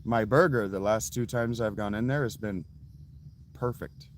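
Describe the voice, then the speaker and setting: A man's voice: fairly low pitch, normal speed, a little hiss or hum. A man in his late thirties telling a story to his viewers in a casual, blunt way, with frequent profanity. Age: late 30s. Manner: blunt, profane, laughs at his own stories. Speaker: vlogger.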